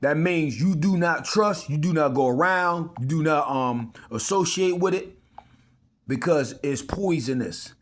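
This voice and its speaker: A man preaching in an informal sermon, reading old scripture slowly and emphatically and breaking into slangy asides. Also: on the high side.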